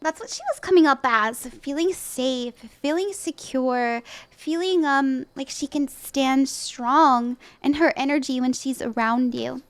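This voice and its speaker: A woman's voice: high voice, unhurried, clean tone. A woman hosting a livestream, giving casual tarot readings in an upbeat, chatty way, with frequent laughs and lots of "like" and "you know". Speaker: tarot reader and stream host.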